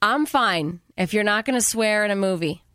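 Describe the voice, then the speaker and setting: A woman's voice: mid-range voice, normal speed, clear, resonant tone, no room sound, studio quality. A woman co-hosting a podcast, chatting casually about a movie and acting out lines. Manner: animated, swears, acts out lines. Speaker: podcast co-host. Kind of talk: casual movie review chat.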